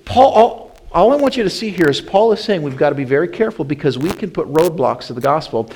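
A man preaching a sermon as pastor. He swings from loud, rising emphasis to hushed, slow passages, repeats phrases and calls his listeners "my friends.". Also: fairly high pitch, expressive, a little hiss or hum, poor audio.

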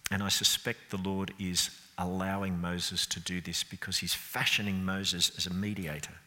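A man preaching a sermon, expressive and building to emphatic peaks. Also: low-pitched, moderate pace. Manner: expressive, rising emphatic delivery. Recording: long reverb of a large hall.

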